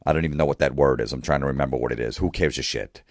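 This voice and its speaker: A man's voice: very deep voice, very fast, no echo, clean studio sound. A male comedian delivering a profane, exasperated rant full of rhetorical questions. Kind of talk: profane ranting monologue.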